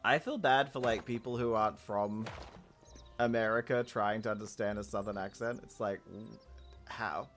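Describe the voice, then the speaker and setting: A man's voice: fairly low pitch, fairly even intonation, normal speed, fairly bright tone, soft background music. A young Australian man chatting casually on a game stream, rambling and giggling as he answers chat. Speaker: gaming streamer.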